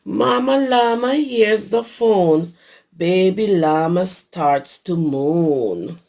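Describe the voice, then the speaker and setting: A hoarse woman who teaches preschool, reading a picture book aloud to young children and stopping to explain words. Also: on the low side, lively intonation, drawn-out words, darkish tone. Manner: explains words to small children as she reads. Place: her home.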